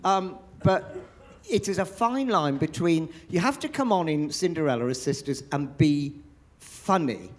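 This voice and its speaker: Animated older Englishman telling theatre stories. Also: on the high side, unhurried. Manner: animated storyteller, acts out quoted voices. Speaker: pantomime dame performer, interviewee. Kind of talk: anecdotal theatre interview. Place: theatre after a show.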